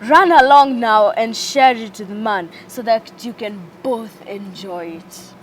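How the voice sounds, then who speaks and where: A woman's voice: a little high, a little slow, a little hiss or hum, close to an everyday voice. A woman voicing a sly, tempting male serpent in a children's story, speaking in a coaxing, whispery way.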